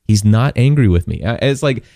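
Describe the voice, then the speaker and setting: A man with a lowish, dark, animated voice gives a casual faith talk, telling a story in a halting way, repeating and restarting words and voicing the people in it. The recording is dry and of studio quality.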